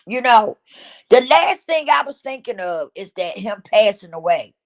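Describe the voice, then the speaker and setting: A woman's voice: fairly high pitch, very animated, unhurried. A middle-aged woman hosting her own show, telling a personal story in an emotional, repetitive way and speaking straight to her listeners. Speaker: host.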